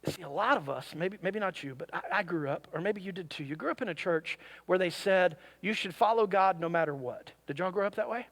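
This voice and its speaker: A pastor preaching a sermon to his congregation, with animated delivery and jokey asides to the crowd. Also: high-pitched, brisk, hardly any pauses. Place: church service.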